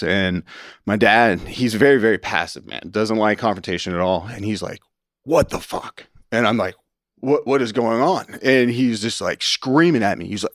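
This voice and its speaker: A man's voice: fairly low pitch, dry recording. A man from Houston, Texas, telling his personal story as a podcast guest in a studio. He rambles with plenty of "like" and "right?" and acts out the voices of the people in his story. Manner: acts out quoted dialogue with shifts in tone.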